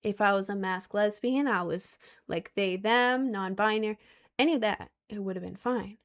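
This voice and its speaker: A young woman of about twenty, chatting casually to her viewers and telling stories in an animated way. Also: mid-range voice, normal speed. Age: young adult, about 20. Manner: chatty, animated storytelling, mocking quoted voices. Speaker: content creator.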